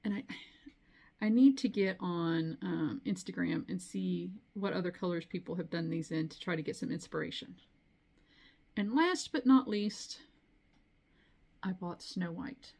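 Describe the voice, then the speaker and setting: A woman's voice: fairly low pitch, gravelly, dark tone. Chatty middle-aged woman vlogging. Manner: chatty, rambling, with frequent asides. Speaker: cross-stitch vlogger. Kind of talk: casual chat.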